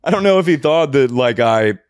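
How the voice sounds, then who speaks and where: A man's voice: mid-range voice, animated, a little fast, clear, resonant tone, dry recording, studio quality. A man hosting a comedy podcast, telling rambling self-mocking stories and swearing often. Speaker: podcast host. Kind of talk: casual comedic storytelling.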